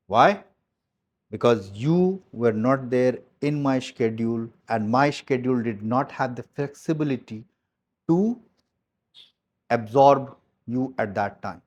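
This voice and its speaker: A man coaching his sales team in a motivational talk. His delivery is blunt and emphatic, with key phrases hammered home again and again. His voice sits at a mid pitch, and his speech mixes mild swearing with plain advice. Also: unhurried.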